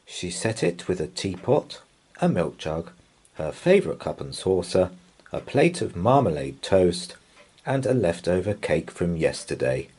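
Slow, expressive male bedtime storyteller. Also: sits low, husky. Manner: expressive, soothing. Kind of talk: children's bedtime story read aloud.

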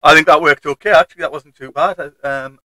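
A man's voice: on the high side, steady tone, brisk, sharp tone, dry recording, poor audio. A man with a Northern English accent keeping score aloud in a casual chat among gamers, often trailing off. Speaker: stream host and scorekeeper.

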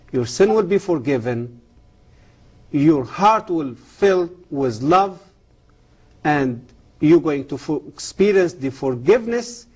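A man gives an earnest testimony in halting, ungrammatical English, with a husky, mellow voice that sits slightly high for a man. He speaks as an interview guest, pleading directly with the listener. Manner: earnest, halting non-native English grammar; preacherly appeal to the camera. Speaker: guest, former Islamic professor.

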